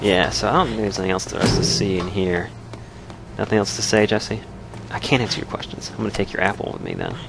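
A man's voice: fairly low pitch, steady tone, quick pace, gravelly, background noise. A man hosting a let's play, giving casual gameplay commentary in a joking, explanatory way with frequent chuckles.

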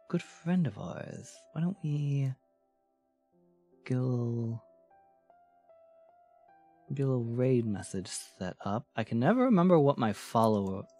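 A man chatting casually on a live stream, playful and quick to laugh, shifting his voice from bright to low.

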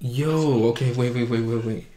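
A young man hosting a reaction video, talking casually and getting excited and emotional as he watches. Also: medium pitch, moderate pace.

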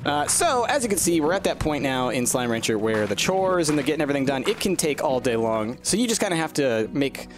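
A man's voice: a little high, sing-song, brisk, hardly any pauses. A man hosting a let's-play, chatting casually and animatedly over gameplay and cooing at the game's creatures.

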